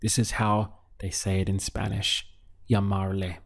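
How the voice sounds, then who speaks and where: A man teaching a language lesson, calmly prompting the listener and pausing for their answers. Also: fairly low pitch, vocal fry, breathy edge. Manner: slow, patient prompting with pauses for answers. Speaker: Spanish teacher.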